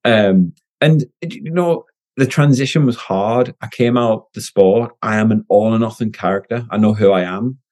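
A middle-aged man, a guest telling his story in a casual interview, energetic and candid. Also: on the low side, normal speed. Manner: energetic and candid, frequent restarts. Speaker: guest, former Olympic swimmer and business owner.

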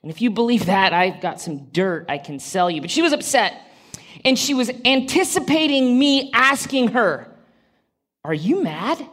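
A woman's voice: on the high side, lively intonation, normal speed, fairly bright tone. A woman preaching a sermon to a congregation in a church. She talks in a conversational way, with direct questions to the listeners and dry humorous asides.

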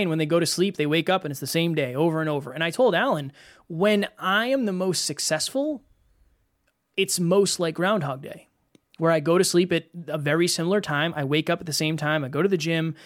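A man co-hosting a podcast in casual talk, reflective, who asks himself questions and answers them. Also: a little high. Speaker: podcast co-host and business coach.

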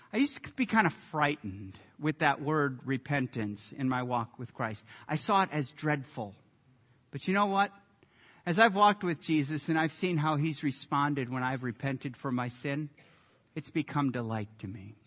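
A man preaching a sermon as a pastor, earnest and emphatic, building to loud peaks. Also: a little high. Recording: echoey hall reverb.

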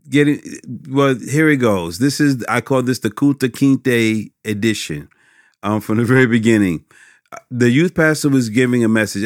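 A man's voice: mid-range voice, no echo, studio quality. A man hosting a podcast, chatting casually and telling a story in a folksy way, with plenty of fillers. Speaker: podcast host.

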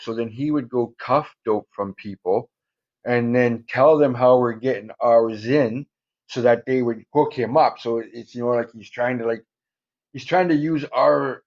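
A man's voice: mid-range voice, darkish tone. Profane man telling stories, dull audio. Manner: profane, street slang, rambling with fillers. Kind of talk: casual storytelling.

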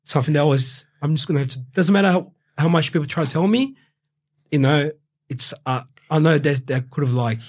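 A man's voice: on the high side, expressive, fairly quick, darkish tone. Swearing Australian man telling his story. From Brazil, raised in Australia. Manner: rambling, heavy swearing and fillers, quotes himself. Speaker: guest. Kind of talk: casual interview storytelling.

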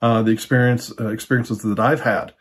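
Husky older man teaching casually. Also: mid-range voice, a little fast. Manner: relaxed, repeats words, many fillers. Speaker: teacher of a church ministry. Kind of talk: casual unscripted teaching talk.

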